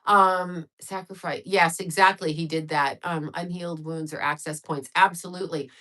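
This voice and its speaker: A woman's voice: lowish voice, steady tone, normal speed, pushed and bright. A middle-aged woman chatting casually and rambling on her livestream, reacting to viewer comments as she goes. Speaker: livestream host.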